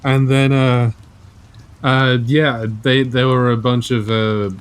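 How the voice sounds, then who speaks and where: A man's voice: medium pitch, level tone, slow pace, smooth. Casual Australian podcast co-host, young man, sarcastic joker, laughs a lot. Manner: joking, sarcastic, laughs often. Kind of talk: casual chat.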